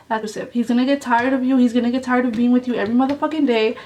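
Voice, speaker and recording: A woman's voice: a little high, fairly even intonation, racing, hardly any pauses, mellow, recorded from a distance, low-quality recording. A young woman telling a story on her vlog in a blunt, casual way, swearing a lot and saying "like" often. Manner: blunt, heavy swearing, lots of "like". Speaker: vlogger.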